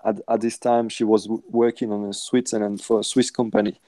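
A man from France with a strong French accent, speaking English as a second language as a guest, halting and searching for words. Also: lowish voice, little pitch movement, dark tone, slight background noise, poor audio. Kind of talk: casual interview.

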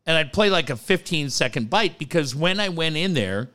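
A man telling radio stories in casual chat, profane and animated. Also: fairly high pitch, moderate pace. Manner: animated, profane, mimics voices in anecdotes. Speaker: sports radio host.

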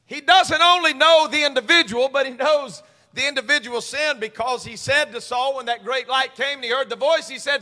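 A man preaching a sermon as pastor at a midweek church service, moving between quiet stretches and shouted, sing-song preaching cadence. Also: very high voice, normal speed, big-room sound. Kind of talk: pentecostal-style preaching sermon.

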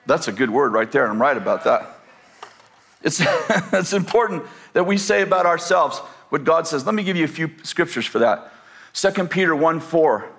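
An older male preacher with a somewhat high-pitched voice tells a homely story, full of "uh"s and false starts. He then lifts into firm, emphatic declarations from the pulpit. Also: lively intonation, moderate pace, a bit bright. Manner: folksy, rambling storyteller with many fillers and restarts. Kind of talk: sermon with personal storytelling.

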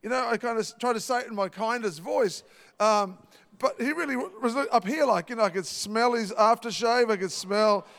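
High-voiced Australian pastor in reverberant hall. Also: male voice, moderate pace, gravelly, fairly bright tone. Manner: chatty storytelling with many fillers and restarts. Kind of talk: sermon with personal story.

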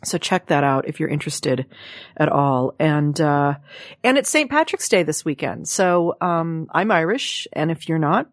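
A woman's voice: sits low, expressive, unhurried, dry recording, studio quality. A woman hosting a casual talk show, chatting loosely and plugging shows with a playful swear now and then. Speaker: podcast host. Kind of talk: casual chat. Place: studio room with guests.

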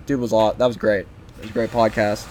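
A man's voice: lowish voice, level tone, quick pace, a little mellow. A young man talking alone on his podcast, loose and offhand. He wanders from thought to thought, swears freely, and trails off into half-finished sentences. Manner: rambling, profane, offhand. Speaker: podcast host. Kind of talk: solo podcast rambling.

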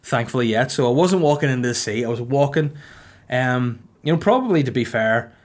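A man, hosting a casual podcast chat with dry, deadpan banter. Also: mid-range voice, a little fast. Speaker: podcast host.

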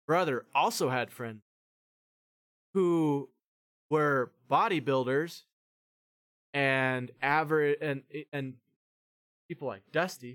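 A man hosting a podcast who tells a long story in a rambling, animated way, swearing freely and acting out the voices of the people in it. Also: medium pitch. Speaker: podcast host. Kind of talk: casual storytelling chat.

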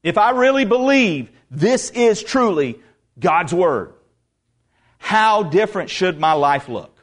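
A man's voice: high voice, big pitch swings, slow pace. A male pastor preaching a sermon in an emphatic way, repeating words for stress.

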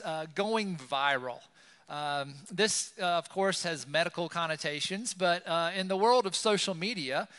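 A man's voice: high voice, sharp tone, clean tone, long reverb tail. A man preaching a sermon in a conversational style, with many fillers, in a church. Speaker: pastor. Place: church sanctuary.

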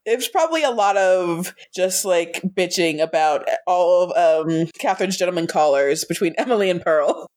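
A woman's voice: fairly low pitch, expressive, moderate pace, few pauses, a little mellow. A woman hosting a casual podcast chat, teasing and playful with her co-hosts. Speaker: podcast host and editor.

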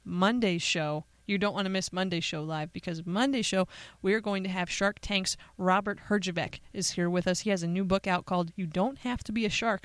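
A woman's voice: lowish voice, no room sound. A woman hosting a radio show, talking casually and playfully with joking, chatty asides in a studio. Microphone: studio microphone.

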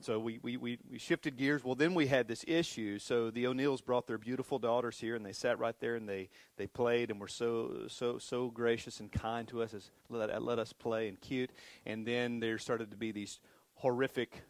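A man's voice: mid-range voice, fairly even intonation, normal speed, few pauses, no echo. A middle-aged man preaching as a pastor, talking casually with many restarts and self-deprecating asides. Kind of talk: sermon. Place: church sanctuary.

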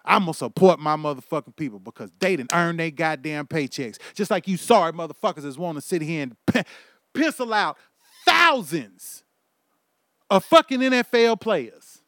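Male podcast host, high voice, dry close sound, furious cursing rant. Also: animated, moderate pace, fairly bright tone, no room sound. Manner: heated, profane, ranting with bursts of laughter. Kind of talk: profane comedic rant.

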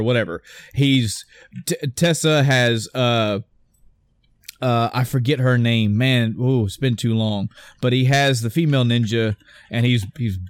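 A man's voice: mid-range voice, no room sound. Chatty man, dry close sound. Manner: rambling, animated storytelling with many restarts. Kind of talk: casual chat.

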